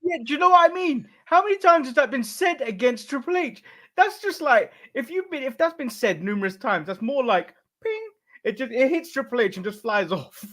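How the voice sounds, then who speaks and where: A man's voice: very high-pitched, big pitch swings, fairly quick, a bit bright. An English-accented man co-hosting a casual podcast, exasperated and swearing, with laughs. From England. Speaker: podcast co-host.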